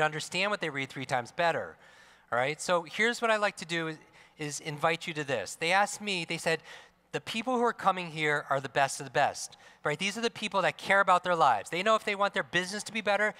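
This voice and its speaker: A middle-aged man giving an energetic motivational talk on stage, asking the crowd questions and tagging lines with "right?". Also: fairly high pitch. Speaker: motivational speaker. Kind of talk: live stage talk to an audience. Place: large expo hall. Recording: long hall reverb.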